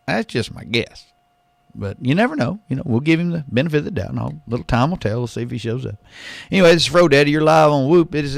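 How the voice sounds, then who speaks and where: A man's voice: fairly low pitch, creaky, no room sound. A man hosting a live radio talk show, rambling and joking in a casual, self-deprecating way. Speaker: radio host. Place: radio studio.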